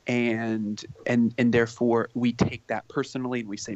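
A man's voice: medium pitch, level tone, normal speed, few pauses, no room sound. Earnest man with dull lo-fi sound. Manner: earnest, repeats words when starting. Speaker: parenting expert guest. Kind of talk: conversational podcast talk.

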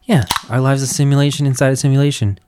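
A man in casual chat, telling stories in an animated, profane way. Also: mid-range voice, fast, background noise.

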